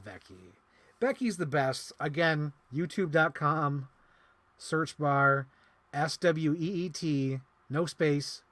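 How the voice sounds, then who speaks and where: Chatty man unboxing toys on stream. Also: fairly high pitch. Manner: rambling, excitable, heavy use of "like". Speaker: toy collector streamer. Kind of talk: casual live stream chat while unboxing.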